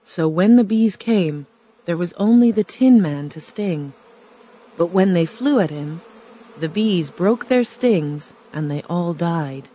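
A woman narrating a storybook in a plain, measured reading voice. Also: on the low side, animated, warm tone.

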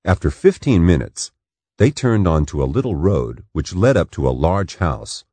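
A man narrating an audiobook in a slow, expressive storytelling manner. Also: deep voice, breathy edge, dry recording.

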